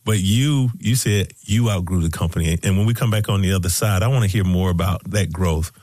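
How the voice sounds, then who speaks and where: A man hosts a podcast interview, affirming his guest with short replies and leading into a break. His voice sits fairly low for a man. The sound is dry and close. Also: brisk, darkish tone, dry recording. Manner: affirming, brief backchannels. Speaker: podcast host. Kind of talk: casual interview talk.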